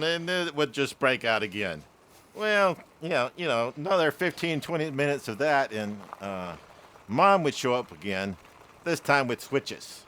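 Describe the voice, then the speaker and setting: A man's voice: a little high, expressive, a little slow, pushed and bright, clean tone. A man in his later years telling a rambling childhood story, often laughing at himself. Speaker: vlogger. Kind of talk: casual storytelling monologue.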